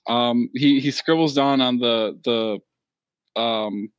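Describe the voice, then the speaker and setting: A man's voice: mid-range voice, takes it slowly, clear, resonant tone, no room sound, lo-fi sound. A man narrating an improvised tabletop game as game master, hesitant and thinking aloud.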